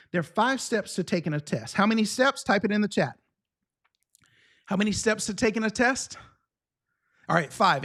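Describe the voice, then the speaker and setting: High-voiced energetic male exam coach. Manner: energetic, checks in often with the class. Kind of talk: live online lesson.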